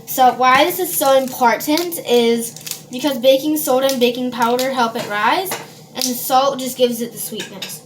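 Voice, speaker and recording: A high-pitched woman chats through a casual baking vlog. She rambles along, full of fillers, and talks straight to her viewers. Dishes and cutlery clatter around her in a noisy home kitchen. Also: fairly even intonation, normal speed. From Minnesota. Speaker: home baker vlogger.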